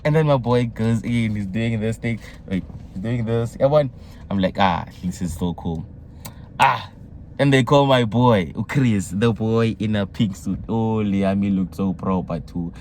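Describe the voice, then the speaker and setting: A young South African man telling a story in a casual vlog, excitable and mixing slang with local words. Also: fairly low pitch, measured pace, a little hiss or hum. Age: young adult. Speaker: vlogger.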